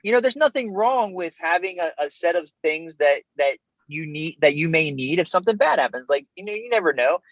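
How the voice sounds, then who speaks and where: Male guest, high-pitched, casual storyteller who laughs easily; dull, dead-dry remote recording. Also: lively intonation, brisk, hardly any pauses, no room sound. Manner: easygoing and chatty, laughs often, says man and bro. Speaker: interview guest, Army veteran.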